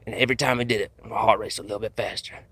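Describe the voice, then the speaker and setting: A man's voice: lowish voice, steady tone, very fast, noisy background. A man telling a rambling comic survival story in a folksy, drawling storytelling manner. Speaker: comedic bushman storyteller. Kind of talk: deadpan comedic monologue.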